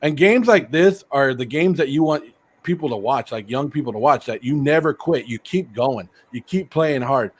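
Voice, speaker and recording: A middle-aged American man hosting a casual livestream, rambling excitedly and sounding a bit sick and hoarse. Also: mid-range voice, moderate pace. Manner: excited, rambling, laughs often. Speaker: host.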